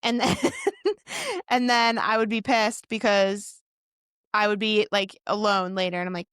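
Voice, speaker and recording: A woman's voice: medium pitch, fairly even intonation, moderate pace, fairly bright tone, clear, resonant tone, no echo. Woman co-host with blunt, wry asides, dry close mic. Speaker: podcast co-host. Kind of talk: casual podcast chat.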